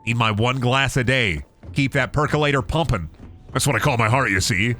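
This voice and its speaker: A man's voice: mid-range voice, fairly quick, fairly bright tone. Profane, rambling young male streamer. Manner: rambling, profane, jokey, slips into silly put-on voices. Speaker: gaming streamer. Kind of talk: casual gameplay commentary.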